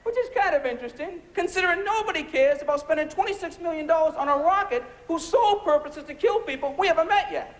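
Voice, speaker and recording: An American stand-up comedian performs a biting, sarcastic routine on a comedy club stage, firing off punchy rhetorical questions while the audience laughs. His voice is very high, and he talks fast with few pauses.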